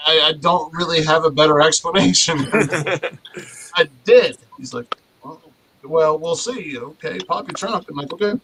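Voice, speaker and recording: A man's voice: fairly high pitch, normal speed. Rambling, cursing man telling a story. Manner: rambling storyteller with many restarts and swearing. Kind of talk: casual chat. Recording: noisy podcast audio.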